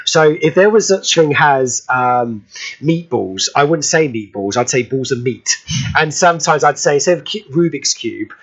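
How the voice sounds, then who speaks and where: A British man hosting a radio show in casual chat, excitable and quick to burst out laughing. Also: a little high, slightly rough. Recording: dull lo-fi radio audio.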